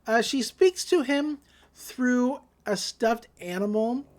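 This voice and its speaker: Young female podcast co-host, chatty anime recap, quick acted voices for every character. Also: fairly high pitch, a little mellow. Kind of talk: casual recap of an anime episode.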